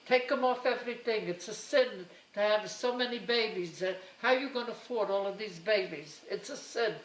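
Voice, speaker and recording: A woman's voice: mid-range voice, normal speed, reverberant, distant mic, voice pushed up, lightly acted, rough recording. Woman imitating her blunt old immigrant mother. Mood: insistent. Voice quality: broken English, emphatic.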